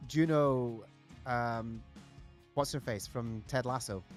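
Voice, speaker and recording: A man chats as a podcast co-host. His talk rambles along with plenty of "like" and "um", with bursts of eager enthusiasm. His voice sits at an ordinary middle pitch, with faint music underneath. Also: slow pace. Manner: rambling, filler-heavy, enthusiastic. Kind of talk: casual chat.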